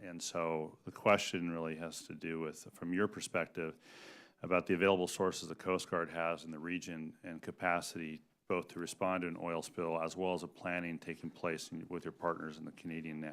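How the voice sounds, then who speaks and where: A congressman with a low, smooth and resonant voice questions a panel at a hearing. He talks in a halting, folksy way, full of fillers and restarts. He speaks into a desk microphone in a hearing room. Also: fairly bright tone.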